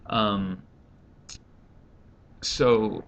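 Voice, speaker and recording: Brief: deep gravelly man in his thirties, rambling home-vlog rant, dull lo-fi sound. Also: fairly even intonation, fairly bright tone. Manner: rambling, exasperated, quickly acts out others. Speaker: stay-at-home dad vlogger. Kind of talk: casual vlog monologue. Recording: dull lo-fi home recording, faint rumble.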